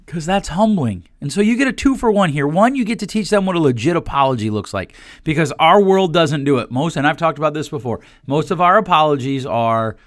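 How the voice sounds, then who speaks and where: A man's voice: on the high side, expressive, fairly quick, few pauses, fairly bright tone, no room sound, clean studio sound. A man in his forties hosting a solo podcast, talking bluntly and animatedly, quoting people in put-on voices. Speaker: podcast host.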